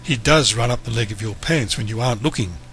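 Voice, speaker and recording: A man reading aloud, voicing a flustered father who yells in panic over a small animal. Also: mid-range voice, quick pace, soft background music, natural voice. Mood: wary. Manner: yelling, panicky.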